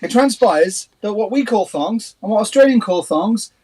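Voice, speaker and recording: Man, casual band livestream host, joking storyteller, stumbling repeats, fairly high pitch. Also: lively intonation, moderate pace, a little mellow, slightly rough, poor audio. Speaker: band member co-hosting a livestream. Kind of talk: casual chat.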